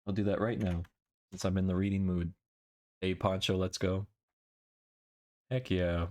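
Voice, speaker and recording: Deep-voiced and a little slow, this young man streams as a VTuber, his tone a bit mellow with little pitch movement. He gives a dramatic reading of his own poems, then turns playful with viewers, making silly noises.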